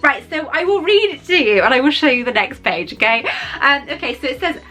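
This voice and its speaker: A young woman talks to her viewers in an effusive, chatty way, full of ums and little laughs. Her voice is bright and sits a little high, and quiet music plays underneath. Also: lively intonation, brisk, low-quality recording. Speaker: YouTuber. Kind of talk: casual vlog chat.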